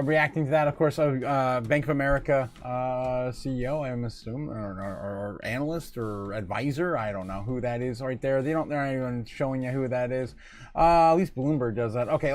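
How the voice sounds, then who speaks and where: A man hosting a casual livestream, reading chat aloud, joking and laughing often between filler words. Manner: jokey and rambling, laughs often, many fillers; swings from muttering low to loud excited calls. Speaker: livestream host.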